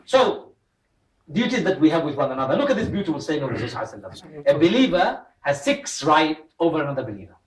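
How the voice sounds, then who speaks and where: Speaking fast in a sing-song, rather high voice, a man gives a religious talk as an imam to worshippers in a mosque hall. He tells humorous stories and imitates the people he quotes, picked up by a distant mic in a roomy hall.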